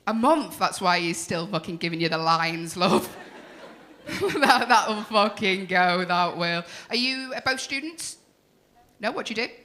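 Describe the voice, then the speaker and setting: Brash, bright-voiced woman compere. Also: fairly low pitch, animated, measured pace. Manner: brash, teasing, sweary banter with the audience. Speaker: stand-up comedy compere. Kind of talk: stand-up crowd work. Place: comedy club stage.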